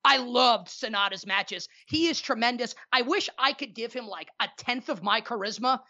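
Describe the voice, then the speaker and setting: A man on a podcast in a studio, talking in long, rambling runs full of boastful jokes. His voice is bright and forceful. The audio sounds a bit dull and lo-fi. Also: extremely high pitch, normal speed. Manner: rambling, boastful jokey banter. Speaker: podcast guest, sports TV personality. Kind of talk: casual podcast chat.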